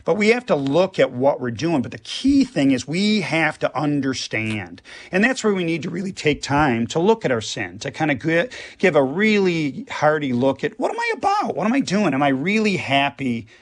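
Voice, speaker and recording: A man's voice: on the high side, very animated, moderate pace, hardly any pauses. A man, a priest, talking earnestly on a radio show and explaining with everyday examples. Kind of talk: radio conversation.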